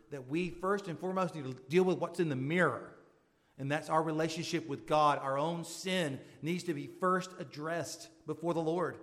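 A man preaching a sermon as pastor, pleading with his congregation and building to fervent appeals. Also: fairly bright tone. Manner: pleading, rising to fervent high-pitched appeals. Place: church sanctuary. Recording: long hall reverb.

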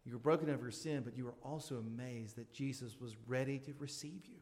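A man's voice: fast talker, a little mellow. A man preaching a sermon as pastor, pleading with his congregation and building to fervent appeals. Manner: pleading, rising to fervent high-pitched appeals. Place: church sanctuary. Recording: long hall reverb.

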